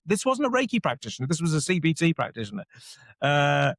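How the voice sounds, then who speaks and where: A man co-hosting a podcast, telling a personal story in a lively way and acting out the voices in it. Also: fairly high pitch, fast talker, no room sound, clean studio sound. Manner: animated storyteller, acts out quotes. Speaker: podcast co-host. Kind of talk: casual storytelling chat.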